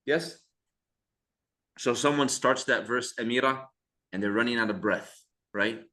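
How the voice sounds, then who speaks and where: A man lectures a seminary class and keeps asking whether the students follow. He recites verses quickly between his explanations. The classroom is echoey. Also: medium pitch, pushed and bright. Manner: checks understanding often, recites verses quickly. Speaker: seminary teacher.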